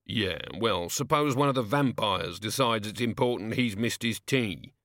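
A man voicing a gruff, slow-talking working-class barman who grumbles and drops his grammar. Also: fairly low pitch, a bit bright, no echo, clean studio sound. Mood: grumbling.

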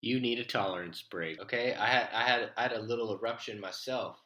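A young man chats in a loose, joking way, throwing in "dude" and casual swearing. His voice sits a bit low but sounds bright. The room around him is noticeably echoey. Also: brisk. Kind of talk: casual chat.

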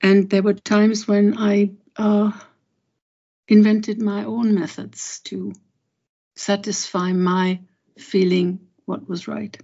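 A woman poet and translator, speaking thoughtfully and haltingly in an interview, with many pauses and restarts, and reading a poem aloud. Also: mid-range voice, little pitch movement, warm tone. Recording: dull lo-fi recording.

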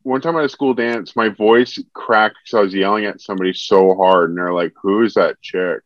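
A young man co-hosting a podcast, chatting casually and joking in a deadpan way. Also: on the low side, fairly quick, no room sound. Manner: deadpan, dry jokes. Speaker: podcast co-host. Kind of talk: casual chat. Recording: dull, muffled dry sound.

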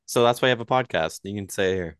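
A man co-hosting a podcast, his voice low and smooth. He chats casually and tosses in dry, teasing quips. The sound is dry and close to the mic. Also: fast talker, a bit bright, no room sound. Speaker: podcast co-host. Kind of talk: casual chat.

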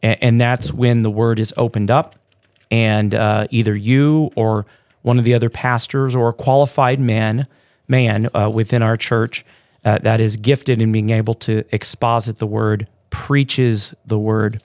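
A man who is a pastor, co-hosting a church podcast in relaxed, joking chat with many fillers and restarts. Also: lowish voice, measured pace, no room sound, clean studio sound. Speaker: pastor, co-host.

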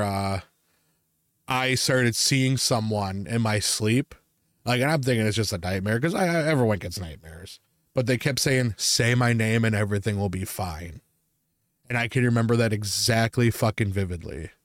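A man's voice: fairly low pitch, no echo, studio quality. A man, a podcast co-host, telling a personal ghost story in a casual, profane, rambling way.

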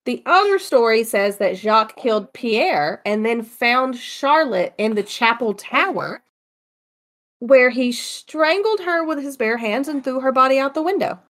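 A woman tells ghost stories in a loose, joking way. Her voice sits a little high, and she talks like she's chatting with a friend. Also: expressive, a little slow, fairly bright tone. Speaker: podcast co-host. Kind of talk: casual chat, telling ghost stories.

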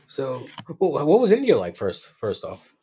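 Male podcast host with an average-pitched voice who asks halting, unhurried questions. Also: wildly swooping pitch, warm tone, slightly rough. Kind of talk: casual interview chat.

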